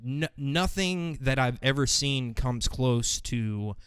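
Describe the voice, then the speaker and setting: A man's voice: medium pitch, lively intonation, slow, a bit bright, clear, resonant tone, no echo. Profane American man hosting a casual show. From United States. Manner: loose and profane, many fillers. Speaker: podcast host. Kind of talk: casual monologue.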